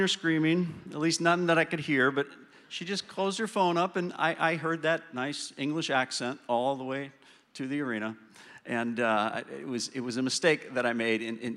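A man telling a self-deprecating story from the pulpit, his voice bright and forward. The sound carries a long reverberant tail from a church hall. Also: fairly high pitch. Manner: storytelling, self-deprecating, slows and softens for the lesson. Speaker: church speaker sharing a story. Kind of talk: sermon story.

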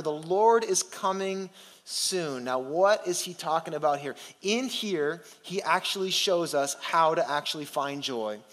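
High-voiced male pastor preaching in a hall. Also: fairly bright tone. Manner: emphatic, conversational preaching with rhetorical questions. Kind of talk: sermon. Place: church hall. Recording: long hall reverb.

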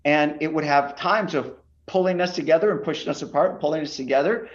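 A man's voice: fairly high pitch, brisk. Emphatic pastor man on a muffled call. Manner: emphatic, preacherly. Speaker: pastor and author guest. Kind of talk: podcast interview. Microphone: video call.

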